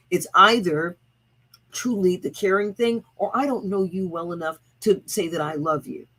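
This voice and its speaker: A woman's voice: medium pitch, fairly bright tone, husky, poor audio. A woman hosting her own livestream, talking bluntly and profanely, chanting repeated slogans to rally her viewers. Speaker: host of own channel. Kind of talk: livestreamed motivational rant.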